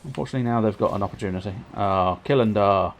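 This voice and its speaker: A man's voice: lowish voice, fast, slight background noise. Chatty man commenting on gameplay. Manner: chatty, excitable, self-mocking running commentary. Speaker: livestreamer. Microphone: desk microphone, sometimes turned away.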